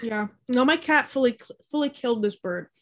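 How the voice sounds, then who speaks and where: A woman's voice: on the high side, lively intonation, fairly quick, no echo. Chatty young woman with a dry, close sound. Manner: chatty storyteller, many fillers, acts out family quotes. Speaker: podcast co-host. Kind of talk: casual chat.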